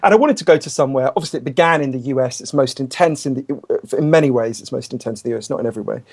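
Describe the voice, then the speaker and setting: A man, a guest author in a podcast interview, telling stories in a quick, chatty, animated way with self-deprecating asides. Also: medium pitch, slightly rough. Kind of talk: conversational interview storytelling.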